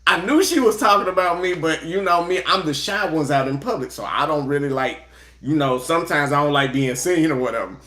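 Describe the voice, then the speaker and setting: A man's voice: fairly high pitch, expressive, fairly quick, bright, forceful tone. Laid-back man, roomy echo. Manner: chatty, laid-back, breaks into laughter while storytelling. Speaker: tarot reader. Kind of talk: casual livestream chat and tarot reading.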